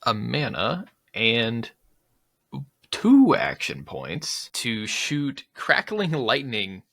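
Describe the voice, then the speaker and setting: A man playing a tabletop game, unhurried and thinking aloud about the rules. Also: mid-range voice, wildly swooping pitch, vocal fry, fairly bright tone, no room sound, clean studio sound. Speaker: player. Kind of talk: casual chat at a tabletop game.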